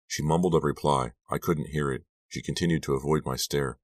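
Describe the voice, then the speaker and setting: A man with an extremely deep voice narrates a horror audiobook in a measured, dramatic first-person reading. The sound is close and dry, with no room at all. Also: fairly even intonation, no echo. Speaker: audiobook reader.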